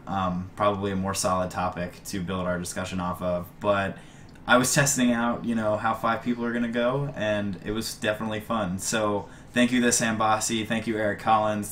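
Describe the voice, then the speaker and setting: A young man hosting a casual online talk show, rambling and relaxed with many ums. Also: on the low side, a little hiss or hum. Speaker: podcast host. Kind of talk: casual chat.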